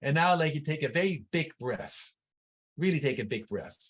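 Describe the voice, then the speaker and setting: A man's voice: fairly high pitch, expressive, a little fast, a bit bright. A man facilitating an online breathwork workshop over a video call, talking conversationally and working through long lists with frequent restarts.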